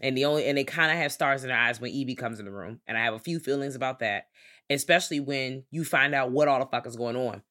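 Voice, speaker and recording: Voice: medium pitch, fast talker, bright, forceful tone. A podcast co-host giving a casual movie review, laying out points one by one while thinking aloud, with frequent fillers and swearing.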